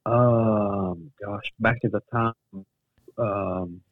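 Man, podcast guest, low gravelly voice, hesitant casual talk, tinny phone line. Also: fairly even intonation, extremely slow, no echo. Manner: hesitant, searching his memory with fillers. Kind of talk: casual chat.

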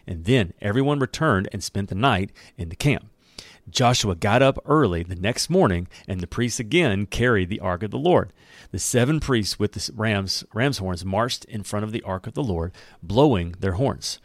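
Lively man teaching scripture, dry sound. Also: fairly low pitch, moderate pace, no room sound. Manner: animated storyteller who acts out characters' lines and laughs often. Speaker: Bible teacher. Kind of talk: conversational Bible teaching with scripture reading.

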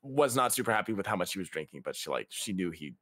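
A young man casually telling a funny story, laughing often and leaping into high voices to quote people. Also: quick pace, dry recording. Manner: laughing, animated, jumps to high voices quoting others. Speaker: podcast guest.

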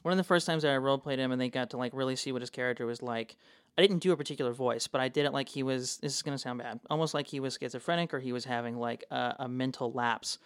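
A young man, a dungeon master co-hosting a podcast, talking in an animated, excitable casual chat and swearing freely. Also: medium pitch, fast, clear, resonant tone, no room sound.

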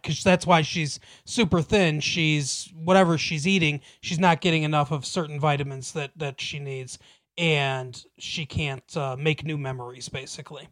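Chatty man retelling a story, slightly high. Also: fairly bright tone. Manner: rambling, many restarts, acts out quoted lines, laughs often. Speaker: podcast co-host recapping a TV episode. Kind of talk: casual chat.

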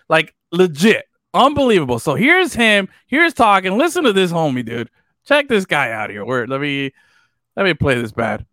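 A male podcast host chatting about sports in an animated, joking way, often trailing off into fillers. His voice is bright and high, with a lot of swing in pitch. The sound is dry and close. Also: moderate pace, dry recording. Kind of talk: casual sports chat.

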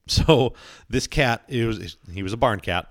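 A man's voice: mid-range voice, animated, unhurried, no room sound, clean studio sound. A man chatting casually as a podcast co-host, telling rambling stories full of fillers and playful asides. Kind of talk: casual chat.

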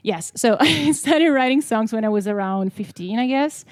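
A woman's voice: on the high side, expressive, normal speed, dry recording. Woman guest, late twenties, chatty, giggly, dry close sound. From Italy. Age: 20s. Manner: chatty, giggly, hesitant with many fillers. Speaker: guest, singer-songwriter. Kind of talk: casual chat.

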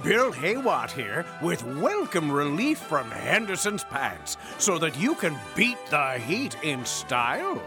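A man playing a folksy pitchman in a comedy radio ad, with exclamatory sales patter. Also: huge pitch swings, slow, few pauses, music in the background, heavily acted. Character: folksy hearty male ad pitchman.

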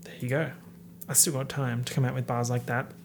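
A man in his late twenties talks through rap lyrics in a casual, excitable way. He jumps between hushed whispered asides and sudden loud outbursts of surprise. A light hiss of noise sits under his voice. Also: mid-range voice, fairly quick. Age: late 20s. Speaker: host. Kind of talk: casual lyric breakdown commentary.

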